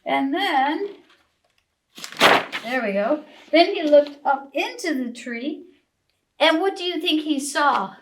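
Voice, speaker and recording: A woman librarian reading a picture book aloud to young children, expressive and asking them questions. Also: sits high, slight background noise, low-quality recording. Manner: slow, sing-song, expressive, asks children questions. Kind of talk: preschool storytime reading.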